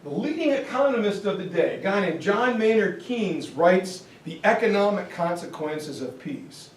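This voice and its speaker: A male history teacher giving a jokey, animated lecture. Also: high-pitched, moderate pace. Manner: animated, joking, slips into comic voices. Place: classroom or hall. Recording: echoey room, far from mic, faint hiss.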